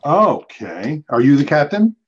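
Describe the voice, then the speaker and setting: A man's voice: fairly high pitch, big pitch swings, unhurried, husky, dull audio. A man hosting a trivia match, chatting playfully with team captains over a video call. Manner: chatty, playful, sings snatches. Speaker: trivia show host.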